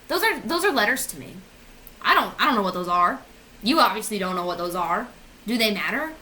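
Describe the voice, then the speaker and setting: A woman's voice: high voice, sing-song, fast, sharp tone, a little hiss or hum, poor audio. A woman in her twenties ranting sarcastically on her vlog, swearing and mocking herself. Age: 20s. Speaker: vlogger. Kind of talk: casual comedic rant.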